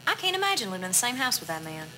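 A woman's voice: on the high side, big pitch swings, rapid-fire, bright, forceful tone, soft background music. An actress playing a sympathetic female friend in a played clip.

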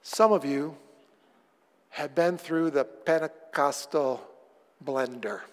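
A man preaching a sermon as pastor, moving from hushed pleading to loud, excited storytelling. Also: a little high, slow pace. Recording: long hall reverb.

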